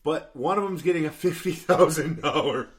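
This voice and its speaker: A man's voice: fairly high pitch, normal speed. Rambling, laughing young man on a podcast. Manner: rambling, laughing through news stories. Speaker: podcast co-host. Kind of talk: casual podcast banter.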